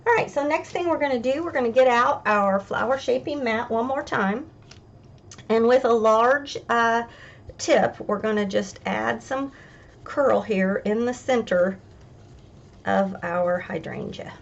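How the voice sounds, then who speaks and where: A woman's voice: fairly high pitch, measured pace, gravelly, highs cut off. A woman hosting a craft tutorial, chatting casually as she talks through each step.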